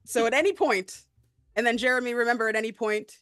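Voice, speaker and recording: A woman's voice: on the high side, fast talker, fairly bright tone, dry recording, studio quality, faint music behind. A woman hosting a live game stream in casual chat, bubbly and hesitant, with frequent fillers. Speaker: stream host.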